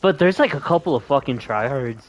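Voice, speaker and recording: A man's voice: medium pitch, animated, fairly quick, muffled recording. A young man streaming a game, talking in a loose, laid-back way and swearing casually. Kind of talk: casual gameplay chat.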